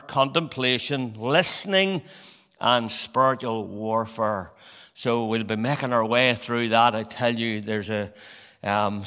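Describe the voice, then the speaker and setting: A man in his sixties preaches in a loose, chatty, storytelling manner, often pausing on fillers and restarting his phrases. His voice sits a little high for a man and sounds bright and forceful. The sound carries a long reverb, like a church hall. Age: 60s. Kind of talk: sermon.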